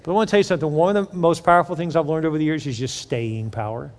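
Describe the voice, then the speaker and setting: A man's voice: a little high, rapid-fire. A man in his forties preaching a sermon to his congregation as their pastor, talking casually and asking the crowd questions. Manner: conversational, asks the congregation questions. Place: large church sanctuary. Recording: long hall reverb.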